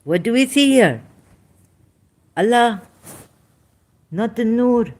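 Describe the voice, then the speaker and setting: A woman giving an informal lecture, reading scripture verses aloud in halting, non-native English phrasing. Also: fairly high pitch, expressive, darkish tone. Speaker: religious critic presenting scripture.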